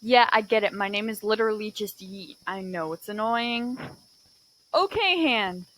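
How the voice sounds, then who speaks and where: A woman doing resigned, flat Yeet. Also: medium pitch, moderate pace, voice pushed down, lightly acted, poor audio. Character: weary character named Yeet, resigned.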